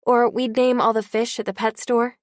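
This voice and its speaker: An earnest teenage girl pleads with her old friend, as a woman reading the book puts her on. She sounds bright and a little raised, dry and close. It is heartfelt storybook dialogue. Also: a little high, level tone, normal speed, dry recording, pitched above the performer's own voice, natural voice.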